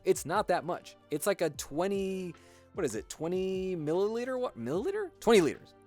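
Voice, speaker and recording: A sing-song, slightly mellow voice of medium pitch moves at a moderate pace, with faint music behind. It's an American streamer casually chatting while building on stream, rambling, cursing, and using plenty of fillers.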